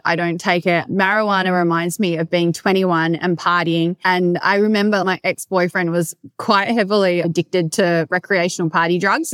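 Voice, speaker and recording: Brief: Australian woman, podcast host, loud and brash, heavy swearing, lively storyteller, close dry sound. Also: fairly low pitch, no room sound. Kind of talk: casual solo podcast monologue.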